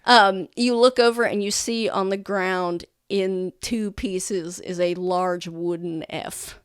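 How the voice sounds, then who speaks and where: A woman's voice: mid-range voice, fairly even intonation, slow pace, clean tone, dry recording, studio quality. A woman narrating a tabletop game as game master, loose and full of fillers.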